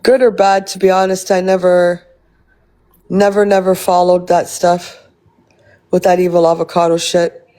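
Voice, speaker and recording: A woman's voice: on the low side, little pitch movement, moderate pace, long pauses, warm tone. A woman live-streaming, chatting casually with her viewers and reading their comments, blunt and rambling, swearing freely.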